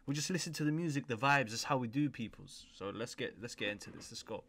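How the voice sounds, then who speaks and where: A man's voice: medium pitch, lively intonation, quick pace, a bit bright, slight background noise. A young man, hosting a music reaction video in upbeat, slangy casual commentary that addresses viewers directly. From United Kingdom. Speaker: YouTube reaction host.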